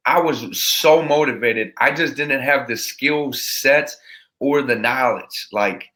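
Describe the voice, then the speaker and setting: Guesting on a podcast in a casual interview chat, a man brings the energy of a motivational speaker, rambling and restarting his sentences. His voice holds a middle pitch, and he takes it slowly with a sharp tone.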